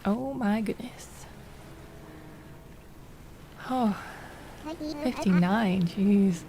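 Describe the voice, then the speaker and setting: A woman streamer chatting casually and excitably as she plays, thinking aloud. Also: medium pitch, very slow, a crowd in the background. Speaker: game streamer. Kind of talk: casual gameplay commentary. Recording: noisy home recording.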